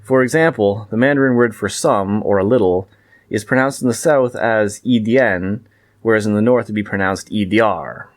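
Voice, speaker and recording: Male book reviewer, lower voice, dry close sound, measured wry read. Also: dry recording.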